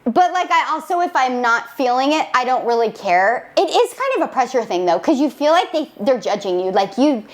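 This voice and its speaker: A woman's voice: sits high, very animated, a little fast, few pauses. A woman co-hosting a podcast, telling a story in casual chat and laughing often. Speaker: podcast co-host.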